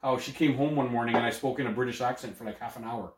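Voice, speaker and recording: A young man shoots the breeze on a podcast, swearing and cracking crude jokes between laughs. His voice sits in a middle pitch. The room around him gives a noticeable echo. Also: steady tone, fast talker. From Canada. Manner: crude, joking, laughs often. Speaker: podcast co-host. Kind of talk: casual chat. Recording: roomy echo.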